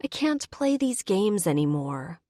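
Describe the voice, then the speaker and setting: A woman's voice: medium pitch, big pitch swings, measured pace, warm tone, no room sound, studio quality. A woman voicing a hurt but hopeful young human heroine, talking in pleading, emotional lines.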